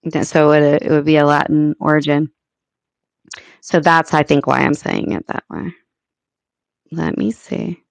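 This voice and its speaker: An American woman hosts a relaxed livestream chat, talking slowly and thinking out loud. Her voice sits a little low. The sound is dry and close, with no room around it. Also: gravelly, no room sound. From United States. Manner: chatty, thinking aloud with many fillers. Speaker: livestream host. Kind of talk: casual live chat.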